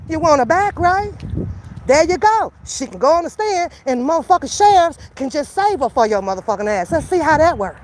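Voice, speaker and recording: A woman's voice: high voice, a little hiss or hum. A woman commentator calling someone out to camera in a profane, confrontational rant, taunting and then lecturing. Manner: slows into calmer lecturing. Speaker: YouTube commentator. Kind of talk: angry call-out rant to camera.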